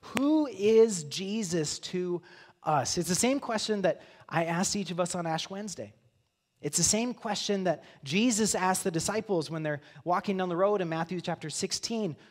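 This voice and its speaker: Male pastor, slightly high voice, earnest reflective sermon delivery with hushed asides. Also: moderate pace. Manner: earnest, reflective, drops to soft near-whispers. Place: church sanctuary.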